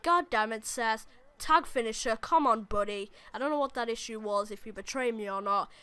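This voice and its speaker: A young woman with a higher-than-usual, smooth and clear voice rattles off live commentary on her own gameplay. She rambles between asides and sudden excited outbursts at the screen. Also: dry recording. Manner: excitable, rambling, quick bursts of shouting at the game. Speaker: gaming YouTuber.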